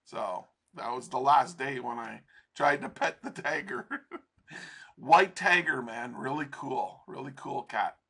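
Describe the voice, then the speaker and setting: A man's voice: mid-range voice, takes it slowly, gravelly, a bit bright, husky. A man teaching trading over a chart in a casual, profane, rambling way, laughing often. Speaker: trading instructor.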